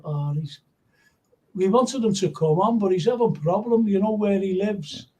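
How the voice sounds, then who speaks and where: Man, host, high voice, mellow tone, rambling, reads out viewer comments. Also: moderate pace, low-quality recording. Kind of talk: casual live-stream football chat.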